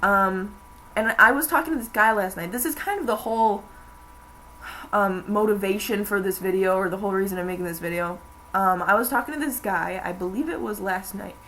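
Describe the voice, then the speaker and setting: A woman's voice: mid-range voice, fairly quick, a bit bright, a little hiss or hum, poor audio. A young woman in college, chatting casually to camera in a rambling way with many fillers. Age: young adult. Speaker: vlogger. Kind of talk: casual chat.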